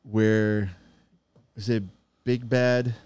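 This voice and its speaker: Male podcast co-host, low smooth voice, laid-back profane banter. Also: extremely slow, no echo. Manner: laughing, profane, animated banter. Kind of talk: casual chat.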